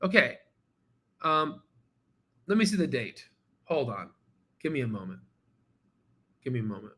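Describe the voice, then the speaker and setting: A man hosting a stock trading channel, talking casually and excitably while going through charts, swearing now and then and repeating himself as he rambles. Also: medium pitch, measured pace, husky. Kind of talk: casual screen-share market commentary.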